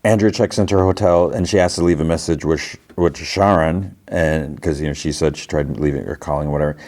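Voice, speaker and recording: Deep-voiced man rambling through a recap. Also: fairly even intonation, brisk, a little mellow. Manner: rambling, filler-heavy retelling with many restarts. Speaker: podcast host. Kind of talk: casual episode recap.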